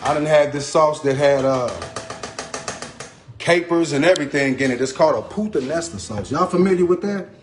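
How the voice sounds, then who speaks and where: A man cooks and chats to viewers on a live stream in his home kitchen, loose and talkative. His voice sits a little high, and the room rings with echo. Faint music plays underneath. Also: moderate pace. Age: adult. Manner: loose and chatty, repeats a catchphrase, greets commenters. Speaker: home cooking host. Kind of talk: casual live cooking stream, chatting to viewers.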